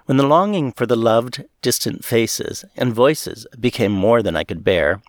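A man reading a first-person memoir aloud in an earnest, measured audiobook style. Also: medium pitch, lively intonation, dry recording, clean studio sound. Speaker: reader.

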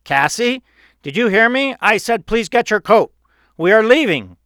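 A man voicing an exasperated father who goes from asking politely to yelling at his daughter. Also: fairly high pitch, big pitch swings, moderate pace, no room sound, clean studio sound, voice pushed up. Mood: irritated. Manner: rising from polite request to yelling.

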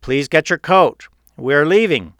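A man voicing an exasperated father who goes from asking politely to yelling at his daughter. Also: on the high side, very animated, moderate pace, no room sound, clean studio sound, pitched above the performer's own voice. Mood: patient request. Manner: rising from polite request to yelling.

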